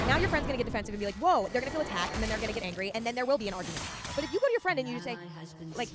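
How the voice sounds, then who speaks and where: A woman hosting a podcast, giving casual advice in a fast, emphatic and chatty way. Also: fairly high pitch, very animated. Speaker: podcast host. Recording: loud music under the voice. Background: loud music.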